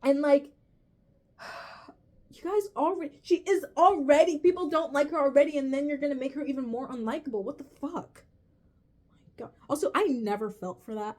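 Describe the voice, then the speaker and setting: A woman's voice: fairly high pitch, a little mellow. Profane, exasperated woman ranting. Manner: profane and exasperated, says "bro" often; rambling, restarts and self-corrections. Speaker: vlogger reviewing a TV finale. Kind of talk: casual rant to camera.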